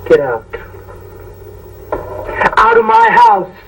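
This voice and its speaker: A man's voice: high voice, big pitch swings, brisk. An actor playing a hostile, defiant man who talks in curt, sneering lines in an old film. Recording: old film sound, distant mic, noise.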